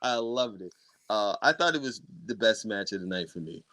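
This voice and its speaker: A man co-hosting a wrestling podcast in casual chat, animated and quick to swear and laugh. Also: lowish voice, no room sound. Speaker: podcast co-host.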